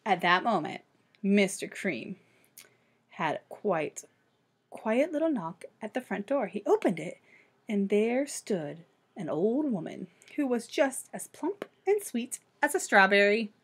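A woman teacher reading a picture book aloud to children, expressive and animated. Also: mid-range voice, measured pace, slightly rough.

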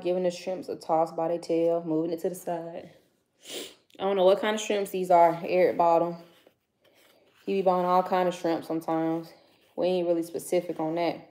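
A woman's voice: medium pitch, mellow. A woman chatting casually while cooking at home, talking to viewers and her kids between steps, recorded on a nearby phone camera. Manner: loose, slangy casual speech. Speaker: vlogger cooking for her channel. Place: home kitchen. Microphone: phone camera nearby, set down at times.

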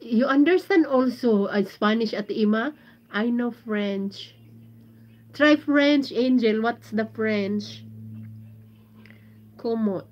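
A Filipino-accented woman chats slowly on a livestream, her voice sitting a little high. She reads viewer comments aloud and sounds out foreign phrases, playful and giggly. The audio is dull and lo-fi. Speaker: live streamer reading viewer comments. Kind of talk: casual livestream chat.

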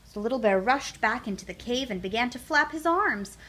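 A woman storyteller reading a children's picture book aloud in an expressive, sing-song way. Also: fairly high pitch, a little fast, slight background noise.

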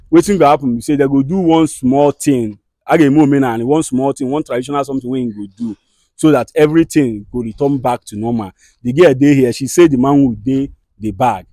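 A man with a Nigerian accent who hosts a comedy skit, scolding and soothing people in fast, direct talk. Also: mid-range voice, darkish tone, no room sound, clean studio sound. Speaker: skit host and mediator.

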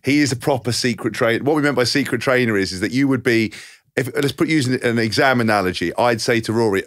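Fast-talking man telling jokey stories. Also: mid-range voice, fairly bright tone, slight background noise. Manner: rambling, jokey, laughs through anecdotes. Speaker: podcast co-host. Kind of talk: casual storytelling chat.

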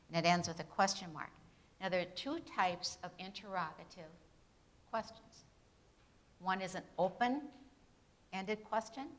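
In this classroom lecture at a Bible institute, a woman with a lowish voice teaches English grammar. She asks the students questions and answers them herself with tag questions, reading example sentences with clear emphasis.

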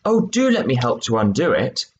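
A man's voice: mid-range voice, very animated, normal speed, slight background noise, pitched above the performer's own voice, natural voice. A man reading aloud and voicing a curious, polite young girl in a storybook, humble and eager to help. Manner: earnest, humble questioning.

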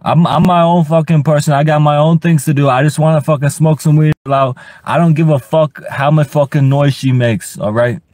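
A young man ranting on a livestream, profane and rambling, stuttering and repeating himself, sometimes breaking into high-pitched shouts. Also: steady tone, moderate pace, hardly any pauses, no echo. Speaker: livestream host. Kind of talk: casual livestream rant.

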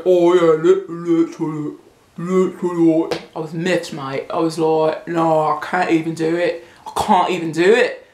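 A woman's voice: on the low side, roomy sound. A woman vlogging in a playful, giggly way, often breaking into laughter. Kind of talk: casual comedic vlog.

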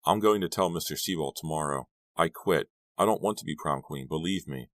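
Guy doing a scared stubborn teen girl, bit exasperated, super deep voice. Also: fairly quick, no echo. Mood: incredulous. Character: teenage girl, worried, stubborn.

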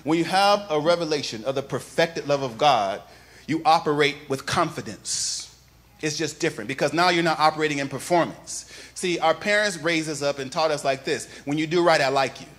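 A male pastor preaching a sermon, moving from quiet, conversational telling to loud, sing-song preaching and calling on the congregation to repeat after him. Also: fairly high pitch, brisk. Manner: calls on the congregation to repeat phrases.

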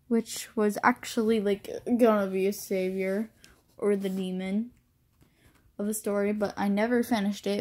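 A woman's voice: medium pitch, a little mellow. A young woman chatting casually into a phone at home, rambling and self-deprecating about her drawings. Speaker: amateur artist. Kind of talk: casual chat.

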